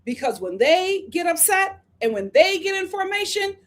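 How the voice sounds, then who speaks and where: A woman's voice: very high-pitched, sing-song, normal speed. A woman hosting a live review of a reality show, talking casually and acting out the cast members' lines as she recaps.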